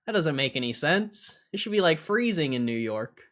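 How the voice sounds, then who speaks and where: A young man casually reacting and commentating on a livestream, loose and swearing, often getting loud. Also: on the high side, sing-song, normal speed. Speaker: stock streamer.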